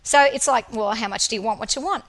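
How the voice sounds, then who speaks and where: High-voiced woman motivational speaker. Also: quick pace. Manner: lively storytelling, emphatic repetition. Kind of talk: motivational presentation.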